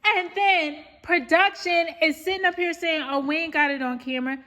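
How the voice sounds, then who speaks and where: A woman's voice: very high-pitched, steady tone, normal speed, bright, forceful tone. A woman vlogger giving an emphatic, indignant rant recap of a reality show, often calling out to viewers as "y'all".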